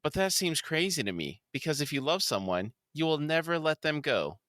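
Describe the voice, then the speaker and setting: Obsessive woman musing about love, read slowly by a male podcast host, bright voice. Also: on the high side, sing-song, dry recording, clean studio sound. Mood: eerie.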